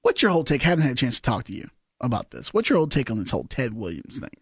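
A man's voice: medium pitch, sing-song, racing, husky, no room sound, clean studio sound. A man from Virginia co-hosting a podcast, joking and teasing as he rambles through a story. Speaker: podcast co-host. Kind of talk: casual banter.

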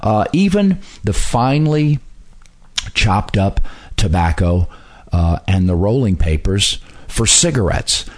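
A man explaining history in a relaxed, conversational way, pausing often with "uh" as he tells stories. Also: lowish voice. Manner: unhurried storyteller with frequent "uh" pauses.

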